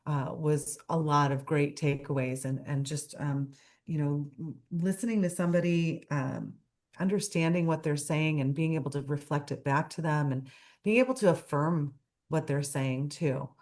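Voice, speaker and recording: A woman chatting as a guest on a talk show, her voice sitting on the lower side. She tells stories with animated delivery and acts out the characters' lines as she goes. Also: moderate pace. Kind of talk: casual chat.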